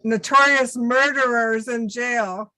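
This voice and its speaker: A woman co-hosting a talk show asks a guest eager questions. Her voice is high and bright. The sound is dry and close, over a video call. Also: steady tone, slow pace, no echo, low-quality recording. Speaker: co-host. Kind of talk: interview questions.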